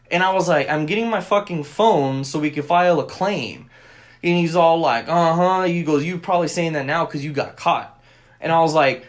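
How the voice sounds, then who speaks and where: A young man co-hosting a podcast, telling a long story in casual chat, cursing often and acting out what people said. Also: a little high. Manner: profane, animated storyteller acting out quotes. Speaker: podcast co-host.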